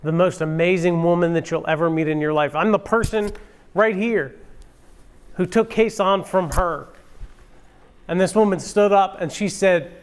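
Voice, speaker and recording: High, smooth-voiced man giving emotional testimony. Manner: halting, emotional, stumbling over words. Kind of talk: personal testimony. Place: courtroom.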